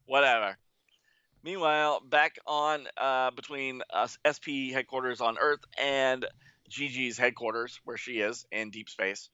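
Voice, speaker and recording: A man's voice: mid-range voice, steady tone, measured pace, bright, forceful tone, clear, resonant tone, no echo, highs cut off. A man co-hosting a podcast who recaps a story in casual chat with wry, jokey asides. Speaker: podcast co-host.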